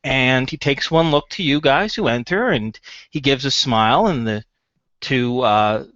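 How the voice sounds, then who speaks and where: A man's voice: mid-range voice, a little slow, fairly bright tone, no echo, dull audio. A young man narrating as game master, describing scenes with frequent fillers.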